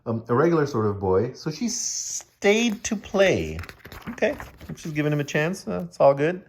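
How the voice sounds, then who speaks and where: A man's voice: on the high side, wildly swooping pitch, normal speed, a little hiss or hum. A man reading a children's picture book aloud, breaking off for joking asides to the kids listening. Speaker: children's story reader.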